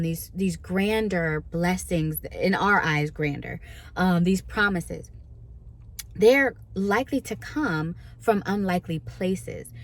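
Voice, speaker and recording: A woman minister giving a casual devotional teaching, talking conversationally and often checking in with "right?". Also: mid-range voice. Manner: conversational, asks listeners "right?"; acts out listeners' complaints in quoted voices.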